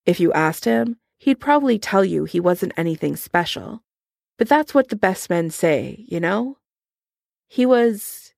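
A woman voicing a gruff, blunt older male army veteran who swears freely, in a fan fiction audiobook reading. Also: on the low side, a little mellow, no echo, clean studio sound.

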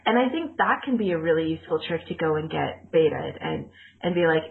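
A woman's voice: sits low, animated, fairly quick, creaky, a little hiss or hum. A woman co-hosting a casual podcast chat, rambling and laughing often as she corrects herself. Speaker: podcast co-host. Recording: tinny phone-like audio.

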